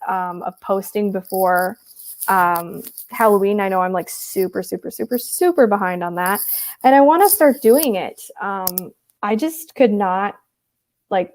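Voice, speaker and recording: With a mid-range, slightly mellow voice, a twenty-something woman from Wisconsin, USA, rambles chattily on her livestream, reading out chat comments. Her speech is peppered with ums and likes, and her Upper Midwest accent shows hints of Texas Southern.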